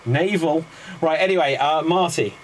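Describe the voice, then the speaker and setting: A man's voice: a little high, background noise. Jokey man hosting improv. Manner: jokey, quick, laughing between prompts. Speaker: improv show host. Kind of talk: casual comedy banter.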